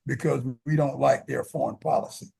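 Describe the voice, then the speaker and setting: A man co-hosting a talk show, explaining world affairs in a measured, explanatory way, with frequent "uh" fillers. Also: mid-range voice, fairly even intonation, creaky, mellow, slightly rough. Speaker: co-host commentator. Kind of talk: casual political discussion.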